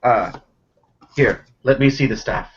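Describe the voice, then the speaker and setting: A man voicing a proud, fussy older shopkeeper who explains things with deliberate care, on a dull lo-fi recording. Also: medium pitch, natural voice. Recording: dull lo-fi sound.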